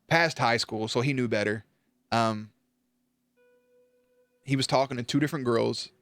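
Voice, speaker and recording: A man streaming at night, chatting casually with his viewers, swearing, joking and now and then breaking into loud high yelps. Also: dry recording. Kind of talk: casual chat reading out viewer messages.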